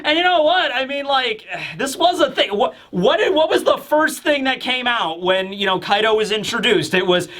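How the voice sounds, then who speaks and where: A man's voice: extremely high pitch, animated, normal speed, few pauses, a bit bright. A young man hosting a casual comic review, rambling and joking. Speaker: host.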